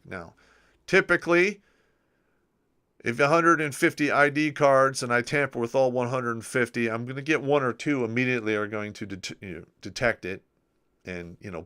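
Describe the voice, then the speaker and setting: Reading viewer comments aloud between crude, joking army tales, a middle-aged livestream host keeps things casual. He speaks at a medium pitch with a slightly bright, clean tone, frequently letting the ends of phrases fade away.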